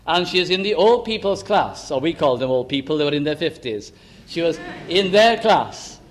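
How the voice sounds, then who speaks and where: An older man preaching a sermon into a microphone, fervent, rising to emphatic exclamations and dropping to soft asides. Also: fairly high pitch, animated, normal speed, slight background noise. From Lancashire, England. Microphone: amplified microphone.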